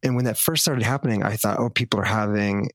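A man speaking as a therapist in a casual podcast chat. His voice sits low and dry, and he tells his stories in a measured, reflective way. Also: a bit bright, no room sound. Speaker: ketamine therapist.

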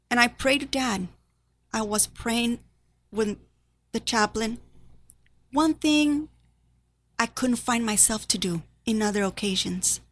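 A woman who is a nurse giving an emotional personal testimony to an audience, halting and sometimes dropping to a near whisper. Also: on the high side, fairly bright tone. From Spanish-speaking background.

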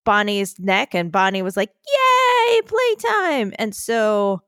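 A woman co-hosting a podcast in casual chat, animated and slightly breathy, recording from a makeshift spot in a puppy pen. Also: medium pitch, measured pace, no echo, studio quality. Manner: animated, keeps addressing her co-host by name, acts out quotes. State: a little breathy. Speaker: podcast co-host.

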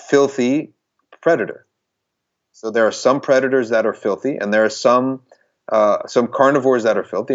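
A man's voice: mid-range voice, lo-fi sound. A man talking in an earnest, emphatic way as a guest in a conversation, often circling back and restarting his phrases. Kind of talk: conversational talk.

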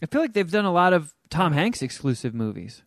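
A man's voice: a little high, brisk, vocal fry, dry recording, clean studio sound. A man co-hosting a podcast, telling about a movie in rambling, profane casual chat. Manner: rambling, profane, animated storytelling. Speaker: podcast co-host.

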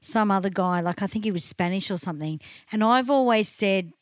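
A brash woman co-hosting a casual podcast chat, loud and quick to swear. Her voice sits at a middle pitch and sounds dry and close to the mic. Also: no room sound. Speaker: podcast co-host.

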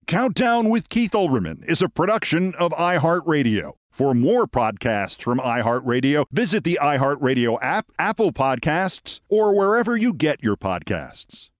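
A man's voice: a little high, sing-song, normal speed, hardly any pauses, no room sound, clean studio sound. Wry middle-aged male podcast host. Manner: wry, dramatic storytelling. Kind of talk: monologue storytelling and sign-off. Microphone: studio mic.

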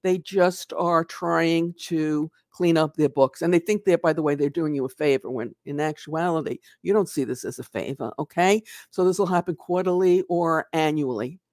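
A channel host gives an unscripted video lesson on accounts payable, speaking emphatically and conversationally. He often checks in with "okay?" and dramatizes losses with a punchy "poof." The voice is mid-range and darkish at a moderate pace with hardly any pauses, recorded clean in a studio with no room sound.

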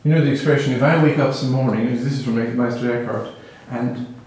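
A man's voice: mid-range voice, steady tone, a little fast. Musing Irish man in an echoey hall. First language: Irish Gaelic. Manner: musing, storytelling, gently humorous. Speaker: speaker on spiritual teaching. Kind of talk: reflective spiritual talk. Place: hall with a live audience. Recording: very echoey hall, mic far off.

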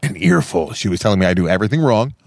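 A man's voice: low-pitched, expressive, very fast, a little mellow, no echo. A man co-hosting a podcast, chatting casually in a rambling, self-deprecating way and swearing freely. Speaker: podcast co-host. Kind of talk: casual chat.

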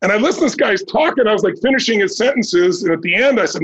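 A man in his sixties from Southern California, a podcast guest telling his life story in an animated way, acting out the dialogue. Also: high voice, fast talker, slightly rough, muffled recording. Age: 60s. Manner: animated, acts out quoted dialogue in a raised voice.

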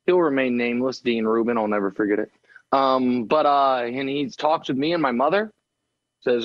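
A young man bantering on a radio call, animated and mock-indignant, with quick comic rants. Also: mid-range voice, muffled recording. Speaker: guest commentator.

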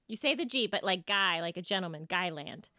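A woman's voice: mid-range voice, expressive, fast talker, bright, forceful tone, no echo, clean studio sound. A woman co-hosting a podcast in playful, casual chat, with lots of "like" in her talk. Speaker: podcast co-host.

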